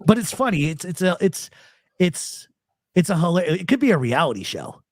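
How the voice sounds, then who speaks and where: This talk show host has a high voice and takes his time, trading casual stories live and performing the voices of whoever he's quoting with animated flair. The recording is clean, studio-grade, and free of room echo.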